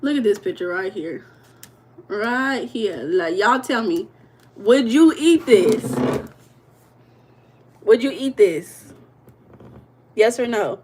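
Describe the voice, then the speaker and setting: A woman's voice: medium pitch, expressive, slow, long pauses, a little mellow, breathy edge. A woman coach hosting a livestream, speaking in in a playful, teasing way and repeating her questions to viewers in the chat. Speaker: life coach and livestream host.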